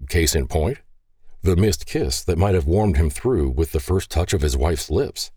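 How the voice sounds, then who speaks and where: Male audiobook narrator, very low, mellow tone, animated delivery. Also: unhurried, slightly rough, dry recording, studio quality. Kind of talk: scripted narration.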